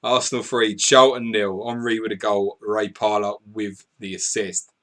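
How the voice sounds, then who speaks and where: A man hosting a live fantasy football stream, excitedly reading out scores and viewer messages, swearing and laughing as he goes. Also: on the low side, moderate pace. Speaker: podcast host.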